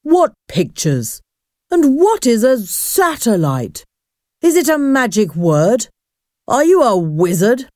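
Woman voicing a viking ghost chief, male, boastful, shouting, commanding. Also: on the low side, sing-song, takes it slowly, dry recording, clean studio sound, heavily acted. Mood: angry.

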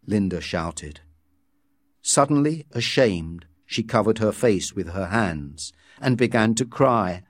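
A man reads a story aloud at an unhurried pace, his intonation rising and falling freely. The recording is close and dry, and the narration sounds measured and scripted. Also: fairly low pitch, animated, no room sound. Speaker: audiobook reader.

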